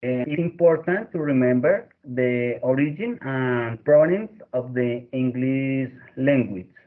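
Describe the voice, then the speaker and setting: A man's voice: mid-range voice, unhurried, narrow, tinny audio. A young man student giving a class presentation, reading carefully from notes. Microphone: computer mic on a video call.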